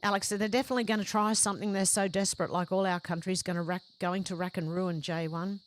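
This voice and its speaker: Moving fast in a steady, mid-range voice, a woman running a livestream works through her viewers' chat messages in turn, tossing in brief reactions as she goes.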